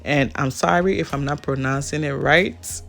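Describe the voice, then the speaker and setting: A woman's voice: low voice, moderate pace, vocal fry, fairly bright tone, faint music behind. A woman from Africa with an African accent, chatting casually to her viewers in a vlog and laughing often. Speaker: vlogger.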